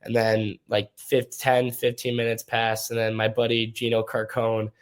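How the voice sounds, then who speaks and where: Flat-voiced young man telling stories. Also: medium pitch, measured pace, smooth. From Minnesota. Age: young adult. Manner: easygoing, rambling storytelling. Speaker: hockey player guest. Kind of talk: casual interview.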